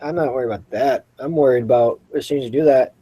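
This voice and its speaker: A man's voice: medium pitch, fast, dark tone, husky. A man playing in a tabletop game, talking in a practical, insistent way. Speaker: player. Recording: dull lo-fi mic.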